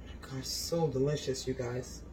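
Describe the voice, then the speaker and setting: A man's voice: mid-range voice, steady tone, normal speed, darkish tone, a little hiss or hum, rough recording. A man filming a casual cooking demonstration in his home kitchen. He talks straight to his viewers and keeps exclaiming how delicious the food is. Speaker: home cook vlogger.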